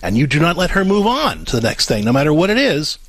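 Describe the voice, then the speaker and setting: A man's voice: on the high side, wildly swooping pitch, quick pace, fairly bright tone. A man co-hosting a call-in radio show, earnestly coaching a parent step by step and acting out what to say.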